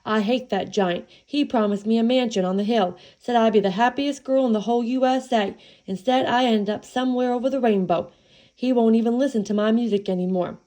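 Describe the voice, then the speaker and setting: A woman's voice: fairly high pitch, fairly quick, mellow, close to an everyday voice. Woman voicing a lonesome talking jukebox. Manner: twangy country-song sayings. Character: lonesome female jukebox, sassy and sad.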